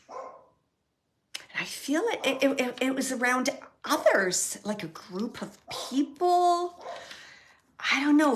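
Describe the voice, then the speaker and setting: A psychic medium hosts a live mediumship reading in a slightly high voice. She hunts for her words with constant fillers and restarts, often trailing off into a soft, almost whispered murmur.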